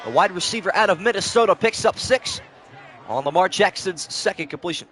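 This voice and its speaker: A man's voice: high-pitched, animated, a little fast, fairly bright tone, slight background noise. A young man calling play-by-play on a live stream, switching between announcer-style calls and casual chat with viewers, short on sleep.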